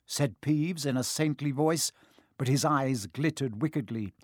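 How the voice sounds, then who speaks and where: Lively, expressive male storybook narrator. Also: fairly high pitch, unhurried, slightly rough, no echo, clean studio sound. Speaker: audiobook narrator. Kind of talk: storybook narration with character voices.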